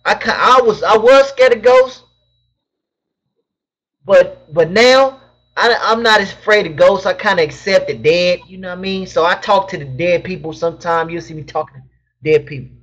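A young man with a high voice hosts a casual live stream from home. He reads chat questions aloud and answers them in loose, slangy banter. His webcam mic sounds dull and lo-fi. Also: moderate pace, fairly bright tone. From Southern California.

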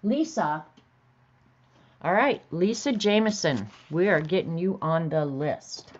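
A woman's voice: low-pitched, expressive, slow pace, lo-fi sound. A woman hosting a casual livestream, chatting to viewers and laughing easily as she reads funny bits aloud. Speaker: host.

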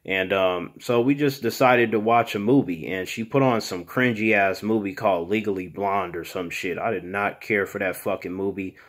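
A man's voice: on the low side, normal speed, hardly any pauses, lightly acted. A man playing a brash mutant monster host. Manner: boastful, profane, talks about himself in third person. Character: swaggering crude male mutant monster who calls people human. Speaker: channel host. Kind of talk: comedic storytelling monologue.

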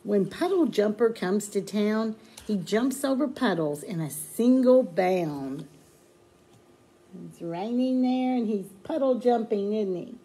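Woman, children's librarian, sing-song storytime voice, slow, mellow tone. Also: mid-range voice, lively intonation. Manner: slow, sing-song and encouraging, singing nursery rhymes. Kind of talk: sing-along storytime for babies.

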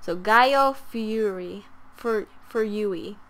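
Slow-talking young woman gamer. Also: mid-range voice, a bit bright. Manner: stumbles over words, self-mocking. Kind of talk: game commentary reading map text.

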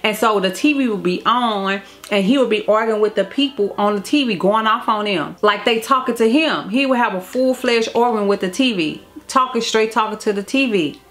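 A vlogger with a medium-pitched, slightly bright voice shares a personal family story in a casual storytime to camera. She talks at a moderate pace with hardly any pauses, candid and emotional, often repeating phrases.

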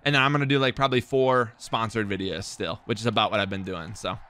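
A young man streaming a football video game, chatting casually with his viewers, excitable and swearing, with sudden loud outbursts. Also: lowish voice, fast talker, smooth. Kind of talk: live game stream commentary.

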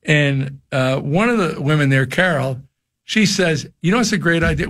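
An older man, a radio show guest, telling casual stories in an animated way, his voice jumping high when he acts out shouts. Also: normal speed. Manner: animated storyteller, jumps high for quoted shouts. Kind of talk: casual storytelling chat. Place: radio studio.

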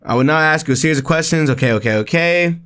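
A man reading aloud the lines of a cheerful male lab chief from a creature-collecting game, in a lower, flatter voice than his own. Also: quick pace, smooth, close to an everyday voice. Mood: matter-of-fact.

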